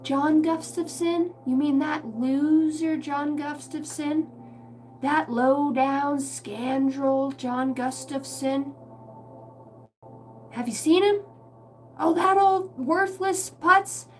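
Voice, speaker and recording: A woman's voice: sits high, distant mic, a little hiss or hum, voice pushed up. A woman doing a cranky old grandpa's drawl. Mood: scornful. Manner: drawling, slow and scornful.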